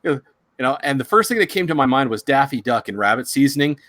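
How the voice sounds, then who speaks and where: A man hosting a casual chat, telling a story in a rambling, halting way with many restarts. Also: mid-range voice, animated, fairly bright tone, slight background noise. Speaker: psychic reader, show host.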